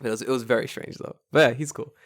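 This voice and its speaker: A young man in his twenties co-hosting a casual podcast, with a voice in the middle range for a man. He tells stories with lots of energy, acting out quotes in a high excited voice and swearing freely. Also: fast, no echo, studio quality. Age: 20s. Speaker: podcast co-host. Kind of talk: casual chat.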